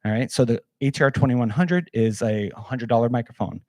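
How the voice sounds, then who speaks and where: A man's voice: mid-range voice, a little fast, no echo, studio quality. Casual man giving a hands-on workshop. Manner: casual, energetic, demonstrates gear, many fillers. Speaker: workshop presenter. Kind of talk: live workshop talk.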